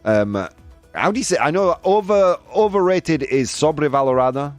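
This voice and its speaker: A man's voice: a little high, animated, normal speed, no room sound, faint music behind. A man hosting a show, reading out points in a playful, joking way. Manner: playful, jokey, frequent laughs and asides. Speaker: show host. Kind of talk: casual show talk, reading a list aloud. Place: home studio.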